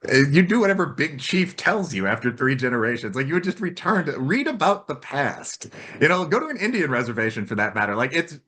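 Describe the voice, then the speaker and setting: Bright-voiced man hosting a podcast. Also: medium pitch. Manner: rambling, animated storytelling, jokey. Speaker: podcast host. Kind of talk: casual podcast conversation.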